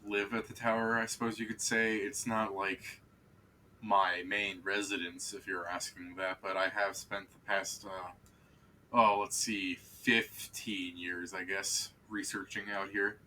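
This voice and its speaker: Man voicing a bookish young wizard, awkward, stammering, fillers everywhere, bright edgy tone. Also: sits low, little pitch movement, measured pace, slight background noise, exaggerated voice. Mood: offhand. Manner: hesitant, stammering, full of fillers.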